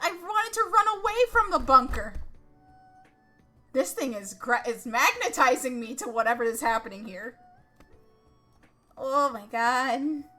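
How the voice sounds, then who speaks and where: A high-pitched woman streams a text adventure game live, reading it aloud and reacting with excitable, dramatic energy and plenty of swearing.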